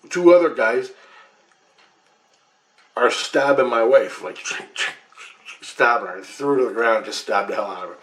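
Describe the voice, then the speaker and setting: A man telling his own story in a casual, emphatic way, swearing and restarting as he goes, recorded on a computer webcam. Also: mid-range voice. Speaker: vlogger recounting a past-life recall. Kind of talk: casual first-person storytelling. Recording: roomy echo.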